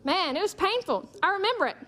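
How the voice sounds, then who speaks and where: A woman delivers a sermon in a high, bright voice. She makes emphatic repeated declarations and mixes in humorous stories. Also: big pitch swings, quick pace. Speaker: preacher.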